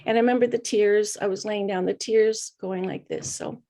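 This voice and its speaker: A middle-aged woman, a podcast guest, telling her personal story in an earnest, reflective way with hesitant pauses. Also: medium pitch, huge pitch swings, mellow. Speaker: guest speaker.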